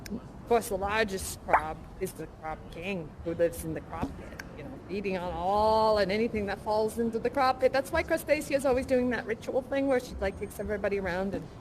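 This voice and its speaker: A gushing, giggly young woman, as an actress plays her chats on in a high voice that leaps up and down. She fills her talk with "like" and "you know" and laughs often. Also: noisy background, natural voice. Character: bubbly, chatty young woman worker in an underworld. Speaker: live performer in a virtual reality show. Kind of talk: improvised live role-play with visitors.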